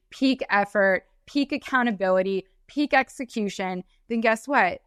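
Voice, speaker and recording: A woman co-hosting a podcast in casual chat, lively and reassuring, asking rhetorical questions. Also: medium pitch, dry recording, clean studio sound. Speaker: podcast co-host.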